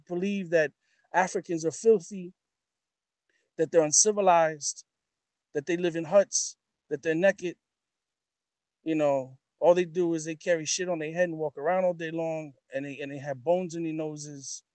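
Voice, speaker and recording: Emphatic high-voiced man, dry sound. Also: moderate pace, darkish tone, dry recording. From New York. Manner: emphatic, repetitive, building rhetorical questions. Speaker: guest. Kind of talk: impassioned talk-show commentary.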